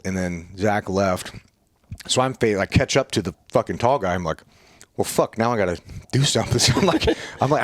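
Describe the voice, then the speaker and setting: A man's voice: lowish voice, no echo, clean studio sound. A middle-aged man swapping rowdy stories in a casual chat, swearing a lot and laughing as he talks. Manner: profane, animated, laughing while telling stories.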